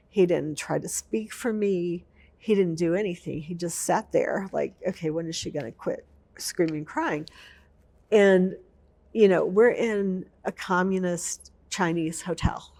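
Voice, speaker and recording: A woman's voice: fairly low pitch, a little mellow. A woman veteran telling an emotional personal story in an interview, vividly and with repetition. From United States.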